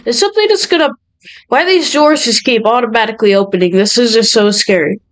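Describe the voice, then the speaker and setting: Young female gaming host, high clear voice, scared, chatty horror let's play commentary. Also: brisk, rough recording. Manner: jumpy, nervous, talks to viewers.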